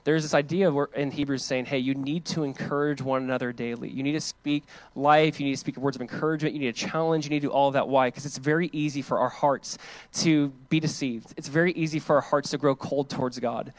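Animated male pastor preaching, dry sound. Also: mid-range voice, quick pace, no room sound. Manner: animated, acts out quoted voices; casual preaching with many fillers. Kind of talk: sermon.

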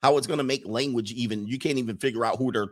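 A man's voice: medium pitch, fast. An American man ranting casually and comically to his stream viewers, preaching and reading out their comments. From United States. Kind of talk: casual comedic rant to viewers.

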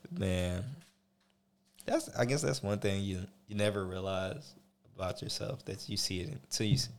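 Low-voiced man laughing through reflections. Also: moderate pace. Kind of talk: casual chat.

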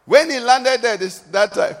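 Male pastor, high voice, call-and-response sermon style, long church reverb. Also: unhurried. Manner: preaching with call-and-response questions, rising to shouts.

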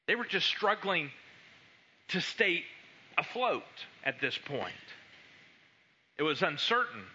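Animated high-voiced man preaching a sermon. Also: takes it slowly, muffled recording, slight background noise. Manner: animated storytelling, acting out the disciples' voices.

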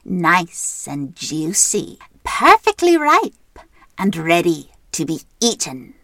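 A woman's voice: fairly low pitch, wildly swooping pitch, sharp tone, no room sound, full character voice. An Irish woman voicing a screeching, greedy old witch in a storybook reading. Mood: cackling greedy. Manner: drawn-out, sing-song, greedy relish.

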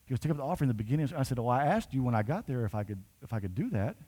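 A man pastor preaching to his congregation in a conversational storytelling style. His voice sits in a middle pitch, and he builds to emphatic points. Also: animated, very fast, dark tone, slightly rough. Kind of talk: sermon storytelling.

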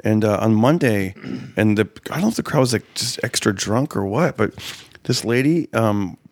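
A man's voice: lowish voice, animated, normal speed, no room sound, clean studio sound. A man who does stand-up, chatting casually about shows on the road, rambling and full of "like" and restarts. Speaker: stand-up comedian. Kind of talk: casual chat, telling road stories.

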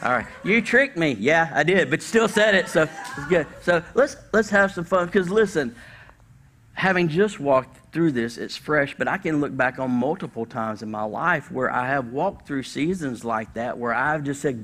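A male pastor giving a conversational, animated sermon in church, with casual slang and sudden bursts of emphasis. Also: a little high, normal speed.

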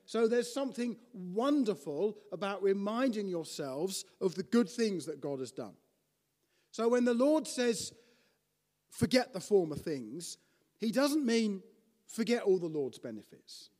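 High-voiced male preacher in a reverberant hall. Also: unhurried. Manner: animated, with frequent restarts and questions to the audience. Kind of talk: teaching sermon.

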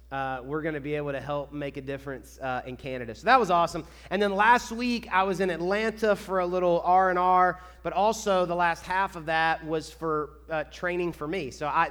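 An upbeat male pastor, fairly high-voiced, talks to his congregation in a loose, excitable way. His voice rings out through a big reverberant church hall. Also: normal speed, clear, resonant tone. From Kentucky. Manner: excitable, chatty, enthusiastic. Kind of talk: church announcements before a sermon. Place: church sanctuary.

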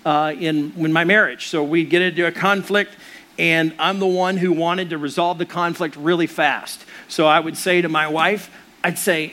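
A man's voice: fairly high pitch, steady tone, normal speed, bright, forceful tone. A middle-aged man preaching a sermon as a pastor, earnest and conversational.

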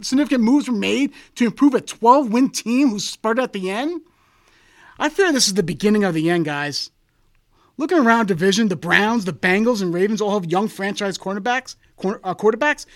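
A sports talk co-host ranting sarcastically and in exasperation about a football team's offseason. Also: mid-range voice. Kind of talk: sarcastic fan rant on football.

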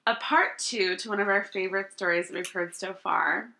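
A woman's voice: medium pitch, fairly even intonation, normal speed, gravelly, pushed and bright, reverberant. A young adult woman, a teacher and podcast co-host, chatting casually and a little tipsy, giggling and rambling with plenty of fillers. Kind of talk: casual chat.

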